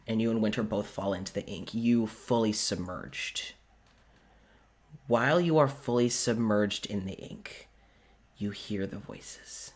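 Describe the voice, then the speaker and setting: A man with a lowish voice narrates a tabletop game as game master. He's quick and descriptive, pausing to correct names.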